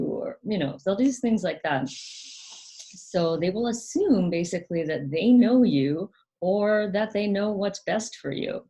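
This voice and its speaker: A woman hosting her own channel, explaining things gently in a casual monologue, often hesitating with ums and restarting her sentences. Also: medium pitch, animated, slow. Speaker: channel host.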